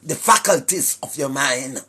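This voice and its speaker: A man with a Jamaican accent preaching to online viewers in a sing-song, rhetorical way, often asking "right?" and clearing his throat. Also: mid-range voice, lively intonation, a little slow, pushed and bright. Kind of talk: preachy livestream address to viewers. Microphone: speaking straight to a camera or phone.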